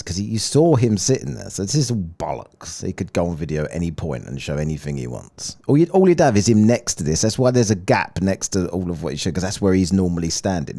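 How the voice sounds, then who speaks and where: A man's voice: low voice, very animated, brisk, vocal fry, hardly any pauses, dark tone. A man hosting a live stream, mocking and swearing freely. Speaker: host reacting to a stream. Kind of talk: casual live commentary.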